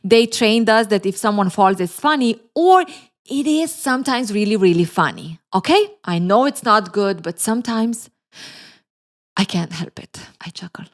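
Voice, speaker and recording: A woman's voice: mid-range voice, expressive, normal speed. A woman host narrating a novel's plot and adding chatty, sarcastic commentary straight to her viewers.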